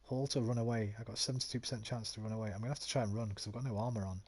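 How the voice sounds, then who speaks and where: A man's voice: fairly low pitch, steady tone, racing, a little mellow, husky. A man with a West Midlands accent giving casual, rambling commentary while streaming a game, swearing freely. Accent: West Midlands English.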